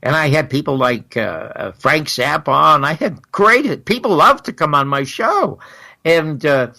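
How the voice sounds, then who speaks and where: An older man, a guest in an interview, recounting stories in an animated way and acting out the exchanges he quotes. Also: fairly high pitch, measured pace, vocal fry. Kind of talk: storytelling in a long interview.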